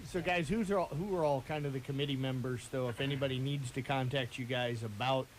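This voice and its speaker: A man co-hosting a casual local radio sports chat in a relaxed, friendly way. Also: medium pitch, fairly quick, slight background noise, low-quality recording.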